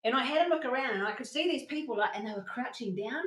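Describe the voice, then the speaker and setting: A woman presenting a motivational masterclass, telling stories in an animated way and acting out the quotes. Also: fairly high pitch, fast, roomy sound, poor audio. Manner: animated storytelling with acted-out quotes. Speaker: workshop presenter.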